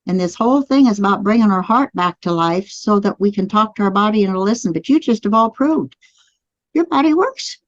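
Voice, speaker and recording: A woman teaching a live online class who walks her listeners through spoken affirmations. Her voice sits mid-pitch, and the sound is dry and slightly muffled, as if streamed over a computer mic. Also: expressive, a little fast, no echo. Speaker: energy healing teacher. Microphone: computer mic on a live video stream.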